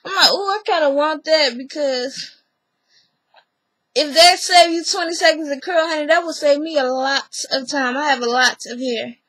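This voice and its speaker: High, bright-voiced woman vlogger. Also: moderate pace, no room sound, low-quality recording. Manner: animated storyteller who acts out other people's lines; laughs often. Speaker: vlogger recapping a reality TV episode. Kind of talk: casual chatty recap.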